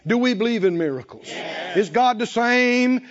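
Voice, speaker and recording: A man's voice: very high voice, lively intonation, normal speed, muffled recording. A man preaching a sermon, telling stories dramatically and acting out the voices of the people in them. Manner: dramatic storytelling, acting out voices, shouting peaks.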